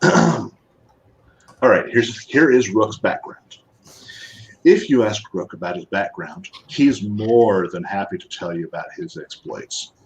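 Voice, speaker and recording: A man as a guest artist in a casual podcast chat, talking in a relaxed, explanatory way. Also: lowish voice, unhurried, low-quality recording.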